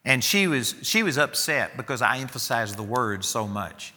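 A man's voice: mid-range voice, lively intonation, moderate pace, bright, forceful tone, in a large hall. A man preaching a sermon to students, emphatic and given to storytelling, often repeating himself for emphasis.

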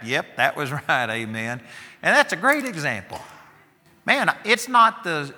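A man preaching in an emphatic, storytelling way, pressing his points again and again. His voice is very bright and somewhat high. A long hall reverb trails each phrase. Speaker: preacher teaching students. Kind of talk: sermon.

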